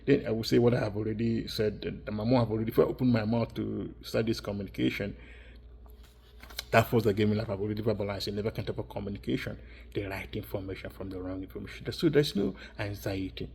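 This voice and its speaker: A man's voice: lowish voice, fairly even intonation, fast, creaky, a little mellow, a little hiss or hum. A man giving a rambling, insistent monologue, repeating and restarting his phrases as he circles his points. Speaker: vlogger.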